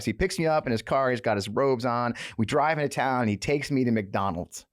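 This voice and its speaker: A middle-aged man hosting an interview, telling stories fast in a chatty way and laughing often. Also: medium pitch, no room sound, clean studio sound. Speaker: podcast host. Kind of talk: casual interview chat.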